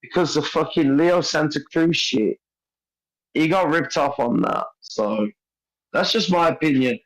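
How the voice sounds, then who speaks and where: A man co-hosting a podcast, slow and drawling, a bit tipsy. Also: on the high side, rough recording. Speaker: podcast co-host. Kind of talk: casual livestream chat.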